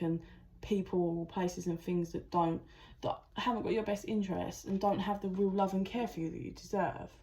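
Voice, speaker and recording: A woman giving a chatty, channeled tarot reading, with lots of "like" and restarts. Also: lowish voice. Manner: chatty, animated, full of "like" and restarts. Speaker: tarot reader.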